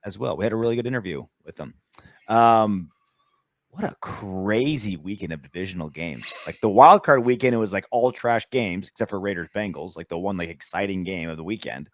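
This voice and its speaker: A man's voice: low voice, brisk, no echo. A man co-hosting a sports podcast, talking in loose, joking, rambling banter. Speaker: podcast co-host. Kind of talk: casual sports chat.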